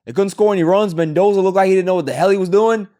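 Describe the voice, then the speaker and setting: Rambling New sports podcast host. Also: male voice, sits high, rapid-fire, dark tone. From Queens, New York. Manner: rambling, with frequent restarts and fillers. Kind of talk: casual sports talk.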